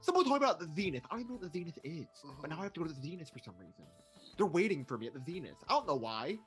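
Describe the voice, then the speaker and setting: A man's voice: on the high side, rapid-fire, soft background music. A man voicing a tiny four-foot adventurer who coaxes and scolds his tall companion. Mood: exasperated. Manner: animated, laughing, coaxing. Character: tiny four-foot male adventurer, bossy pep-talker. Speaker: player. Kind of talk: voicing a character in a tabletop game.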